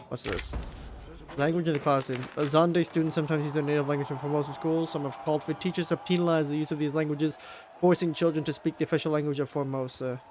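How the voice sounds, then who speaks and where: A young man commenting on his strategy game, groaning, swearing and pleading at it as things go wrong. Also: on the high side. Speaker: gameplay commentator.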